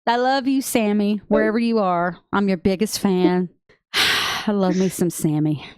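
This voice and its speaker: A woman with a Texan accent co-hosting a casual podcast chat, excitable and gushing, laughing often. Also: mid-range voice, a little slow, clean tone. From Texas. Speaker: podcast co-host.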